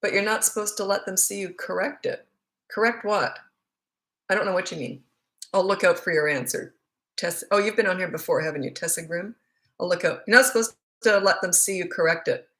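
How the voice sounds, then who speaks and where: A woman's voice: on the low side, brisk, a bit bright, echoey room. A middle-aged woman parenting coach answering questions in a casual, candid live Q&A, often laughing. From Canada. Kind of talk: casual livestream Q&A.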